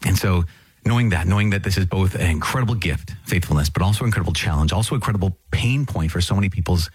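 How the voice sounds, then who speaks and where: Low husky-voiced priest, dry studio sound. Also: male voice, dry recording. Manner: enthusiastic, talks in quick restarts and repetitions. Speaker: priest and podcast host. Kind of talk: casual catechism teaching and prayer.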